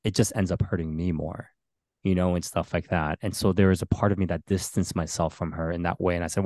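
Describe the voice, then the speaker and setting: A man's voice: deep voice, steady tone, a little fast, darkish tone, no room sound, studio quality. A man who is a pastor and podcast co-host, talking earnestly and reflectively in casual conversation, with many fillers and restarts.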